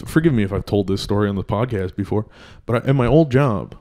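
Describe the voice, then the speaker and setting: A man's voice: lowish voice, lively intonation, fast, dark tone. A young man hosting a casual comedy podcast, crude and joking, laughing often. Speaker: podcast host.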